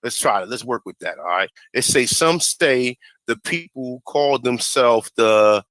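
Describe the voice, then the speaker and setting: Casting note: a young man, a bright, forceful voice and a dry, close sound, hosting a profane commentary vlog. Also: mid-range voice, a little slow, hardly any pauses, no room sound, rough recording. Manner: profane, heated, stumbles over names while reading. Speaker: host. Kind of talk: casual commentary vlog, reading aloud.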